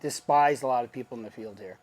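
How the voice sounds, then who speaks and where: A man's voice: medium pitch, fast talker. A man casually telling a personal story, acting out the voices of the people in it. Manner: animated, acts out quoted dialogue. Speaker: guest.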